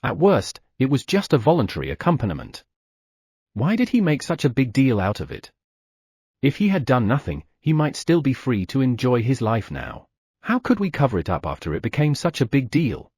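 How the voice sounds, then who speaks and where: A man narrating an audiobook in the first person with expressive delivery. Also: medium pitch, moderate pace, husky, no echo, studio quality.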